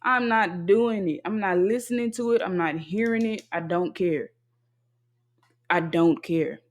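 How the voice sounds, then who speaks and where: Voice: mid-range voice, a little slow. Young adult ranting bluntly with profanity. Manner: blunt, heavily profane, emphatic ranting with repeated refusals. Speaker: podcast host venting. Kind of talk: casual solo venting monologue.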